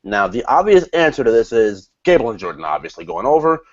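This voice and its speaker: Lively man on a dull, lo-fi recording. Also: medium pitch, fairly quick. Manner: lively, blunt, profane. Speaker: podcast co-host. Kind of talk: casual wrestling review chat.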